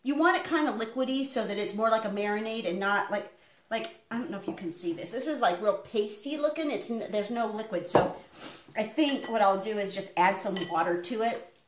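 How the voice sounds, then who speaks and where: A woman's voice: medium pitch, a little fast, slight background noise. A middle-aged woman chatting casually on a live stream while she cooks in her home kitchen. She rambles, with plenty of fillers. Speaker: homestead vlogger. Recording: echoey room.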